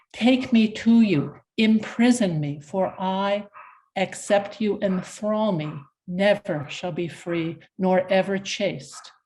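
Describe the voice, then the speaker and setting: A woman reads a poem aloud over a video call for her class. She takes it slowly and gives every line plenty of expression. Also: on the low side, slight background noise. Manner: slow, expressive recitation. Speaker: class participant. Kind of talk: slow dramatic poetry reading.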